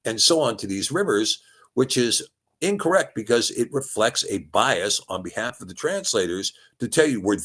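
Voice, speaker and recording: Husky-voiced man teaching scripture. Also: medium pitch. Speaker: Bible teacher. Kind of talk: verse-by-verse scripture commentary.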